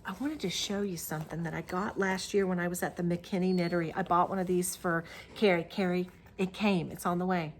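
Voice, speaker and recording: A woman's voice: on the low side, steady tone, brisk, hardly any pauses, slight background noise. Chatty woman hosting a crafting vlog. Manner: chatty, rambling, with many fillers and restarts. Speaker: Flosstube host. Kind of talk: casual show-and-tell vlog.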